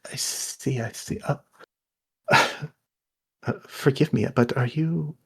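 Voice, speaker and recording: A man's voice: medium pitch, slow, husky, exaggerated voice. A man voicing a shy, flustered young priestess woman who stammers and hesitates politely in a tabletop game. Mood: hesitant.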